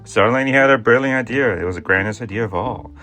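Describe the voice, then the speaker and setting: A man's voice: medium pitch, fast talker, faint music behind. A man telling a humorous historical story, with playful asides and jokes about his own mistakes. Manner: jokey asides, playful and animated.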